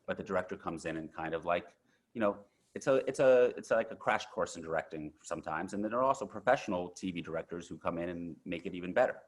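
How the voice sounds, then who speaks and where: A man in his thirties, an actor guest telling animated stories in a casual interview, full of fillers and restarts. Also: low voice, fast. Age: 30s.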